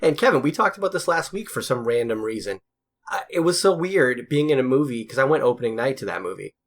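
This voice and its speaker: A man's voice: medium pitch, expressive, fast talker. A man from the Boston area co-hosting a podcast, chatting casually and rambling with fillers. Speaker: podcast co-host. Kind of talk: casual chat.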